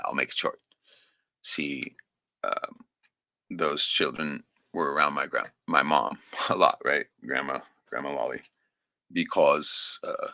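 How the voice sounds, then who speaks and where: A man's voice: low-pitched, bright, forceful tone, dry recording. A man telling a personal story in a rambling, profane, casual way, often checking in with "right?".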